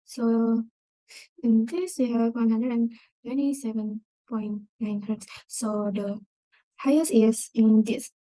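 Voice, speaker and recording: A woman's voice: fairly high pitch, little pitch movement, slow, dark tone, no room sound, rough recording. A young woman whose first language is Indonesian, a student presenting an exam project in a screen-recorded walkthrough, carefully reading out measurements step by step. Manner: careful, reads out numbers step by step.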